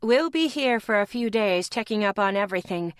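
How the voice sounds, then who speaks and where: A kind pregnant healer, as a woman reads her talks gently with a teasing edge, at a middle pitch. The audiobook recording is dry and close. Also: lively intonation, fairly quick, dry recording, lightly acted. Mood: gentle teasing.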